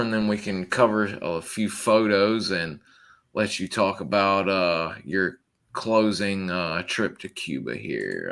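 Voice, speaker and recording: Bright-voiced Southern man hosting. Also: on the low side. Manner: rambling, filler-heavy, reads listener questions. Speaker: podcast host. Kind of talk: casual interview.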